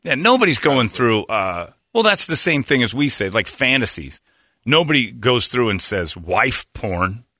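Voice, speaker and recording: A middle-aged man hosting a casual comedic chat, telling stories with loud high-pitched impressions of other people. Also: sing-song, normal speed, dry recording, studio quality. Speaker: podcast host.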